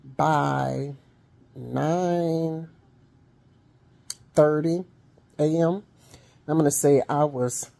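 A woman's voice: low voice, steady tone, very slow, creaky, long pauses, mellow. A middle-aged woman vlogging in a chatty storytelling way, wheezing and coughing as she talks and calling her viewers honey and y'all. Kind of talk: casual storytelling vlog.

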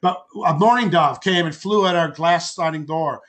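A man's voice: fairly high pitch, moderate pace. An older man, a podcast guest, telling a personal story in a rambling way, restarting and repeating words and acting out the quoted speech. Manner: acts out quoted speech with lively voices. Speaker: podcast guest, author and artist.

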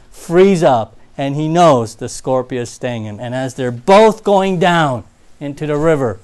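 A man preaching a sermon in a church, telling stories and swinging from loud emphasis to quiet asides. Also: fairly high pitch, smooth.

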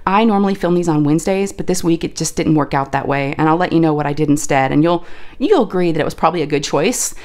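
A woman chatting casually while she crafts on camera. Her voice is deeper and scratchy from allergies, and she talks in a folksy, chatty way, saying "y'all.". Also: fast talker, darkish tone. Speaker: crafting video host.

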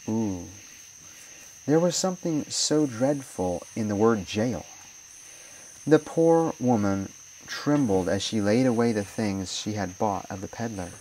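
A man, a minister, reading a moral story aloud in a measured, solemn way. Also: medium pitch, darkish tone, recorded from a distance, a little hiss or hum, low-quality recording.

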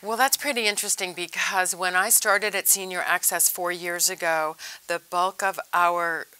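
A woman's voice: fairly low pitch, steady tone, moderate pace, sharp tone, smooth, no room sound, poor audio. A woman from a senior services organization, explaining matter-of-factly as a guest in a TV interview. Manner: plain, matter-of-fact explaining. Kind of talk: TV interview talk.

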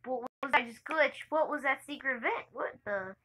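A young woman giving chatty, excitable gameplay commentary for her channel, laughing and shrieking often. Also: high-pitched, moderate pace, rough recording. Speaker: gaming channel host.

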